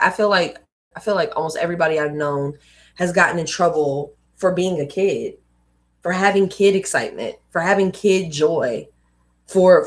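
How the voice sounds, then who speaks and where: A young adult woman hosting a live read-aloud, reading a book and adding casual, emphatic asides. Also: fairly low pitch. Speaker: host reading books aloud.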